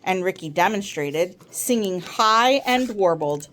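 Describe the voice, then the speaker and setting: A woman reading a children's novel aloud, with expressive storytelling. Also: unhurried. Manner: expressive storytelling with a lively pitch. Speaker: reader.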